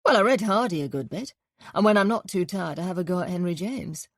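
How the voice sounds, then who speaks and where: Give me a woman voicing a practical police detective in a storybook, low-key and matter-of-fact, recorded dry. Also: brisk, dry recording. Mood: casual. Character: plain-spoken male police detective, steady and practical.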